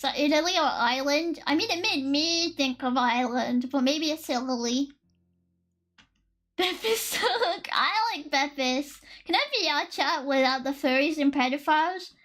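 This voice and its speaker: Very high-voiced giggly woman streamer. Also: a little slow. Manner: excitable, giggly and profane, thinking aloud. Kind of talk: casual live-stream chat. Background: faint lo-fi music.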